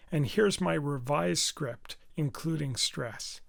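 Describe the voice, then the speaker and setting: A man teaching business communication at a very unhurried pace, placing deliberate stress on key words. His voice sits a little high and carries a heavy gravelly fry throughout. The delivery is steady and instructional. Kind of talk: instructional video lesson.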